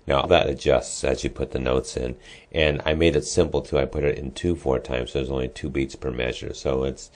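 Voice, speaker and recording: In a screen-recorded lesson, a male music teacher uses his extremely deep, low voice in a steady tone to take students through a class assignment step by step. His talk is casual, with ums and restarted sentences along the way.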